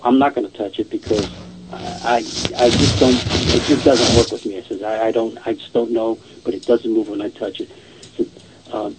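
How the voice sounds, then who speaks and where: A man's voice: medium pitch, vocal fry, dark tone, slight background noise, poor audio. A man casually telling a long ghost story, rambling and repeating "I says" and "she goes".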